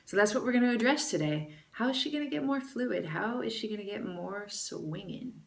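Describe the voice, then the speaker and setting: A woman's voice: mid-range voice, animated, a little fast, vocal fry, echoey room, far from the mic. A woman teaching jazz singing, critiquing a student and demonstrating phrases with scat syllables in an encouraging way. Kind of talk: music lesson critique with scat singing demos.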